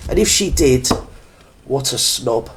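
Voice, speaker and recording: A man's voice: medium pitch, lively intonation, takes it slowly, a little hiss or hum. A man from Britain hosting a reaction video, delivering a blunt, indignant rant full of earthy working-class slang.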